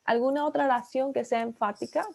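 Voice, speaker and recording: A woman's voice: high voice, steady tone, very fast, vocal fry, a little mellow. Bilingual woman teaching an English class. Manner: explains in English, then repeats in Spanish.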